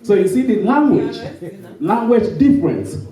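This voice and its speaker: A man giving a humorous storytelling talk at a conference, acting out quoted dialogue in an animated way. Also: sits high, moderate pace. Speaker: conference speaker. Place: conference hall. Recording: roomy hall from a distant mic.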